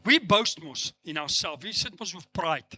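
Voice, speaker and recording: A man's voice: fairly high pitch, expressive, moderate pace, bright, forceful tone, no echo. A middle-aged man preaching a sermon as pastor, acting out the dialogue he quotes with rising emphasis. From South Africa.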